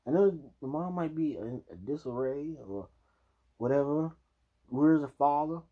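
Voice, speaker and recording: A man's voice: on the high side, expressive, unhurried, highs cut off. A man reacting to a news clip with heated, profane ranting full of restarts. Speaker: video reactor. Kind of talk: casual reaction commentary.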